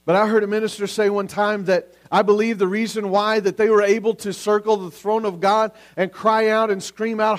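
A man's voice: high voice, steady tone, moderate pace, hardly any pauses. A man preaching a sermon as pastor, earnest and full of repeated questions.

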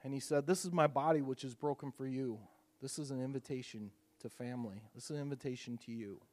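Man preaching with loud swells and hushed lows. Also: quick pace. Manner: storytelling with swings from loud emphatic peaks to hushed softness; casual, repeats words and uses fillers. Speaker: pastor leading communion. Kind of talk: sermon.

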